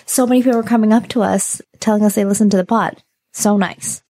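A woman's voice: medium pitch, fairly even intonation, fast talker, warm tone. A young woman co-hosting a podcast, chatting in an upbeat, enthusiastic way. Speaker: podcast co-host. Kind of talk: casual chat.

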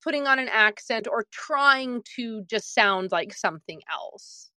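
A woman co-hosts a podcast and interviews a guest in a relaxed way. Her voice sits a little high, and the recording is dry and close. She often rephrases a question midway. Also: unhurried, no room sound, low-quality recording. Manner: conversational, rephrases questions as she asks them. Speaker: podcast co-host.

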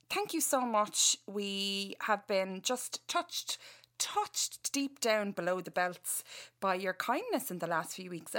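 A woman's voice: medium pitch, a bit bright. Giggly Irish woman podcast host. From Ireland. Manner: giggly, chatty, swears freely. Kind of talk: casual chat.

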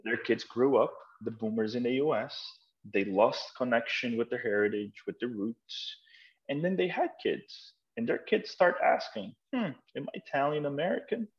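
A man's voice: mid-range voice, moderate pace. A man, a start-up co-founder and executive, talking as an interview guest and making his case with emphatic, persuasive storytelling and rhetorical questions. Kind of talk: conversational interview. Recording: slightly muffled, lo-fi podcast audio.

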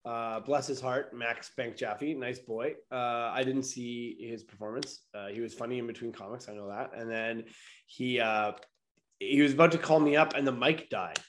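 A man's voice: mid-range voice, steady tone, moderate pace, fairly bright tone. A man, a stand-up comedian hosting a podcast, telling a long grumpy story about a bad gig and swearing a lot. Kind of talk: casual podcast chat. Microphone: remote video call.

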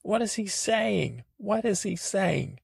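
A man voicing a flustered elderly Florida woman who repeats herself in a shrill, high voice. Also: animated, takes it slowly, vocal fry, darkish tone, breathy edge, no echo, clean studio sound, exaggerated voice. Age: older.

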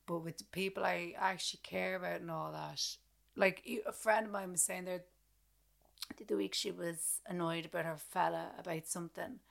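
Brief: woman co-host, animated and sweary, storytelling. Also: lowish voice, normal speed, gravelly. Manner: animated, swears freely, acts out quoted exchanges. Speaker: podcast co-host. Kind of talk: casual chat.

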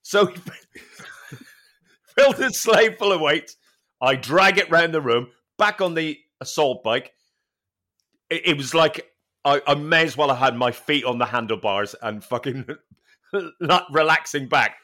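A man's voice: fairly high pitch, a little slow, long pauses. A man co-hosting a podcast, telling a story in a casual chat, full of swearing and laughter. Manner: animated, swearing storyteller who laughs often. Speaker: podcast co-host.

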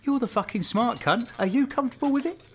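An actor playing a gruff, foul-mouthed, emotional male football fan leader. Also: very high-pitched, fast, a bit bright, a little hiss or hum. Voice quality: gruff, swears constantly.

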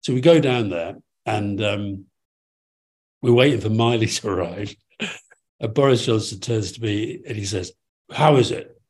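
A man, a podcast guest telling an anecdote with lively asides. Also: on the low side, unhurried. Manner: animated anecdote-teller, quoting others in changing voices. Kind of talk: conversational storytelling.

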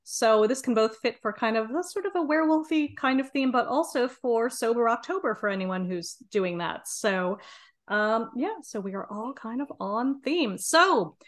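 A woman hosting a beer podcast in casual chat, chatty and quick to restart her sentences. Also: on the high side, expressive. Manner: chatty, repeats words and restarts often. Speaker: podcast host.

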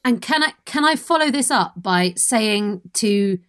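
A woman's voice: fairly high pitch, animated, a little slow, fairly bright tone, smooth. Eager rambling woman player. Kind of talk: casual tabletop chat.

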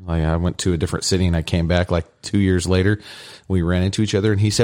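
A man's voice: low voice, little pitch movement, fast, a little mellow. A middle-aged man co-hosting a podcast, telling rambling family anecdotes with lots of fillers in casual chat. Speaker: podcast co-host.

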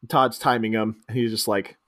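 A man co-hosting a casual movie chat, retelling scenes and jumping into squeaky impressions of the characters, often laughing. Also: flat delivery, normal speed, fairly bright tone. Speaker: podcast co-host.

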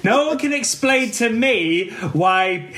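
A man with a high voice argues a playful point in a casual chat. He sounds mock-stubborn and jokey. Faint noise runs in the background. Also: animated, slow, fairly bright tone.

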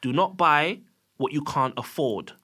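A man's voice: fairly high pitch, lively intonation, unhurried, bright, forceful tone. A man co-hosting a casual podcast, laid-back and jokey, stretching words for emphasis. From Black British with Jamaican family. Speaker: podcast co-host.

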